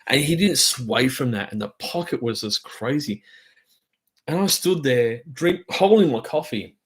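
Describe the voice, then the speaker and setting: A man's voice: medium pitch, animated, measured pace. A middle-aged Australian man hosting a drum channel, chatting on a live stream in a rambling, enthusiastic way full of fillers. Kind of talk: casual live-stream chat.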